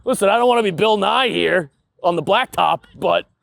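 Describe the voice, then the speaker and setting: A man's voice: sits high, moderate pace, creaky, fairly bright tone, dry recording. A young man hosting a podcast, rambling through a casual comedic monologue and laughing at his own stories. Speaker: podcast host.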